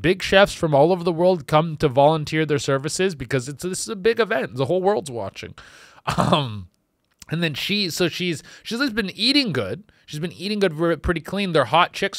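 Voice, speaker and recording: A man doing a rambling comedic monologue as host, acting out quick voices as he goes. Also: on the high side, dry recording, clean studio sound. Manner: rambling, animated, acts out voices.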